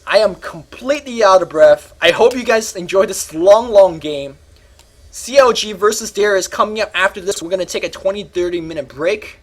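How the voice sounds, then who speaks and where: A man casting a live video game match, giving rapid, excitable play-by-play that climbs during fights. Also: high-pitched. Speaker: esports caster.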